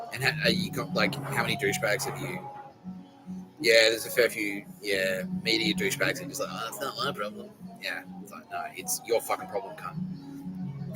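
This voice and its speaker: A low-pitched man hosts a podcast in loose, rambling monologue. His talk is peppered with swearing as he addresses unseen listeners. Music plays clearly behind his voice. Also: rough recording. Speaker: podcast host. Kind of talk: casual monologue.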